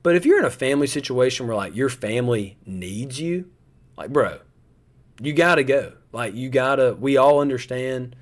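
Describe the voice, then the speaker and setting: A man's voice: mid-range voice, lively intonation, fairly quick, few pauses. Chatty guy hosting a stream. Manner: chatty, rambling, talks straight to viewers. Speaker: live stream host. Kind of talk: casual chat to a live audience.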